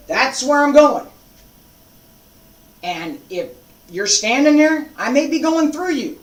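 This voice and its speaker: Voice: mid-range voice, echoey room, distant mic, rough recording. A martial arts instructor giving an unscripted teaching talk, emphatic and determined, repeating phrases for force.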